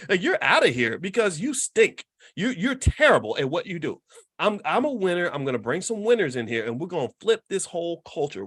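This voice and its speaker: Man in his fifties, emphatic preacher-style host, bright lively pitch that rises and falls, dry close sound. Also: no echo. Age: 50s. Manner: emphatic, repetitive preacher-like rhetoric; conversational, asks the audience questions. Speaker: host and finance educator. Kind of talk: lively commentary monologue.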